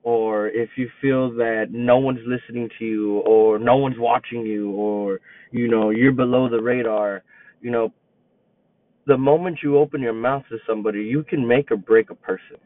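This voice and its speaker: A man in his twenties, a teacher and coach, tells a casual story in a rambling, reflective way, repeating himself and restarting often. His mid-range voice keeps a steady tone at a normal speed, and the recording is dry and tinny, like a phone line, with no room sound.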